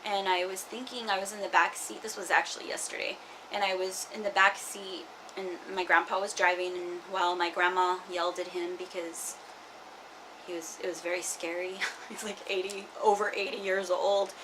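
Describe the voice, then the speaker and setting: A woman's voice: fairly low pitch, little pitch movement, moderate pace, background noise. A young woman vlogging casually, rambling with many fillers and restarts. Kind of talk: casual personal vlog.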